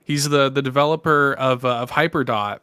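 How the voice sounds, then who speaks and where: A man's voice: medium pitch, steady tone, fairly quick, pushed and bright, smooth, no echo. A man co-hosting a podcast, talking casually and enthusiastically with many fillers. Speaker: podcast co-host. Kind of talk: casual chat.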